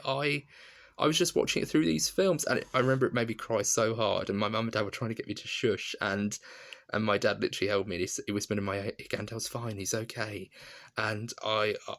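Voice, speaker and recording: A man's voice: on the low side, vocal fry, fairly bright tone. A young adult man, giving a casual spoken film review, enthusiastic and rambling, with frequent restarts and laughs.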